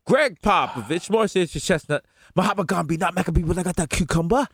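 High-voiced guy spitting boastful nicknames, swearing, dry close mic. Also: a bit bright, breathy edge, dry recording. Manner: rapid-fire boastful riffing, swearing. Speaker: podcast co-host. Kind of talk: hype intro of nicknames.

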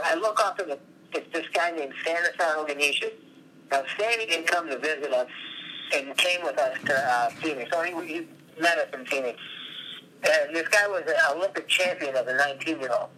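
A middle-aged man tells animated, rambling stories from his office as an interview guest. His voice is very bright and sits a touch high. A faint hiss runs underneath. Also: brisk, rough recording. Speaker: former wrestler, coach.

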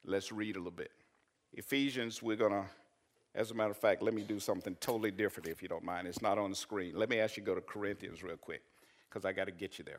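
A man, a pastor preaching and telling a personal story, rising to loud emphatic peaks. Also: on the low side, fast. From Arkansas. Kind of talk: sermon.

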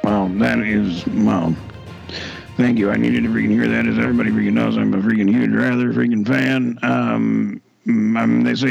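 A man's voice: fairly low pitch, fairly even intonation, normal speed, gravelly, a little mellow, slightly rough, faint music behind, low-quality recording. A man co-hosting a comedy podcast, mock-earnest and saying "freaking" in nearly every sentence. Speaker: podcast co-host. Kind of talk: comedic banter.

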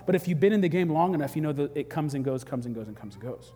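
A man preaching a sermon, telling stories with animated, acted-out quotes. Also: fairly high pitch, rapid-fire, hardly any pauses, long reverb tail. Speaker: pastor. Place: church hall.

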